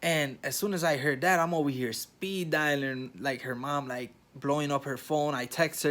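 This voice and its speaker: A man's voice: on the high side, normal speed, hardly any pauses. Rambling young man telling a family story. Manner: animated, rambling retelling with many fillers and restarts. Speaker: vlogger. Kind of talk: casual storytelling to viewers.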